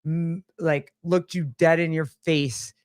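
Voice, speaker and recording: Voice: mid-range voice, fairly even intonation, slow pace, smooth, no echo. Giggly co-host with a dry sound. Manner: giggly and blunt, swears casually. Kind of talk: casual live-stream chat.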